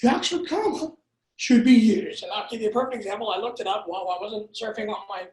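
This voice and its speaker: A copywriting workshop instructor with a high, light, slightly mellow voice talks fast as he lectures a live audience. He keeps cracking jokes, wandering into asides and throwing out rhetorical questions. The room sounds roomy and echoey, like a seminar space.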